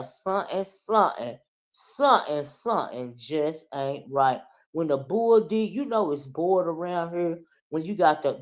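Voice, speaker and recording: A woman's voice: low voice, darkish tone. Chatty rambling woman in commentary. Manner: chatty and rambling, with many fillers and restarts, speaking straight to viewers. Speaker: YouTube commentary host. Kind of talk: casual gossip commentary livestream.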